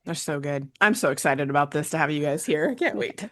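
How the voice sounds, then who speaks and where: A woman host and coach in casual panel chat, telling a story with animated asides and laughs. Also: low voice, brisk.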